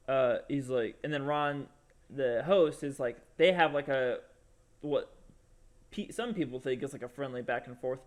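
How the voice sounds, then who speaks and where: Speaking at a medium pitch and a moderate pace, a young male podcast co-host rambles through a long story in a casual chat. He leans on lots of filler words and acts out the quotes.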